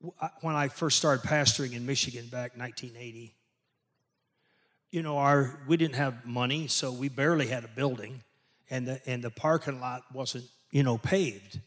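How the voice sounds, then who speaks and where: An older man, a pastor, preaching a sermon in an emphatic way that builds to loud peaks. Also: mid-range voice, moderate pace.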